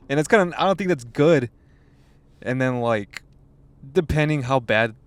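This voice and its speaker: A man's voice: medium pitch, clean tone, no echo. A young man co-hosting a podcast, chatting casually and rambling, with frequent restarts and plenty of swearing. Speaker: podcast co-host. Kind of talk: casual chat.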